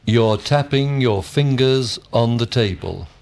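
A man giving steady, full-sentence answers in a scripted language drill. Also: medium pitch, slow, creaky. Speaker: model student.

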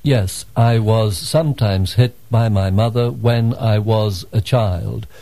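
A man's voice: on the low side, creaky, mellow. A man answering a teacher's questions in full textbook sentences during a language drill. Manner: slow, careful, textbook answering.

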